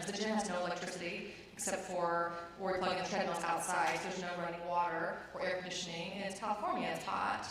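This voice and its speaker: A woman's voice: fairly low pitch, level tone, fast talker, hardly any pauses, a bit bright, slight background noise. A woman in her thirties telling a personal story, acting out her own lines with rising intensity. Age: 30s. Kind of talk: personal story told to an audience. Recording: very echoey room, distant mic.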